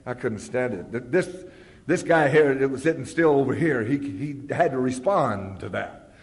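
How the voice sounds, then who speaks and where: An older man tells a long, humorous story in a loose, rambling way. He keeps breaking into loud acted-out quotes. His voice rings through a hall with a long reverb. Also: medium pitch, lively intonation, normal speed. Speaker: speaker sharing his recovery story. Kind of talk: storytelling talk at a recovery meeting.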